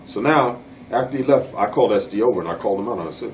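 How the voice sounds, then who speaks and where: A man's voice: fairly low pitch, animated, rapid-fire, recorded from a distance, slight background noise, low-quality recording. A man who wrestled professionally, telling road stories in an interview, blunt and plain-spoken with casual dialect grammar. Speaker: interviewee, former pro wrestler. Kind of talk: casual storytelling in a shoot interview.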